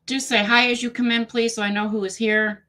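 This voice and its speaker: A woman's voice: fairly high pitch, flat delivery, a little fast, pushed and bright. A woman in her fifties giving frank, affectionate advice as a tarot reader during a live-stream psychic reading, chatting with viewers between readings.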